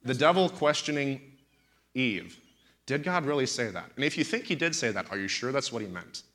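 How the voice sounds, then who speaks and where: A man's voice: mid-range voice, expressive, moderate pace, bright, forceful tone. A man in his thirties, a pastor preaching in a talk-show setting, telling stories animatedly and with indignant emphasis.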